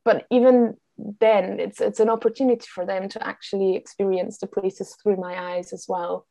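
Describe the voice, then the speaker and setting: A woman from Austria whose first language is German talks as a podcast guest in a friendly, thoughtful way, now and then restarting a phrase. Her voice is dark and mellow with a gravelly edge of fry. The sound is close and dry, with no room around it. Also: mid-range voice, steady tone, normal speed, no echo. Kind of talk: casual interview chat.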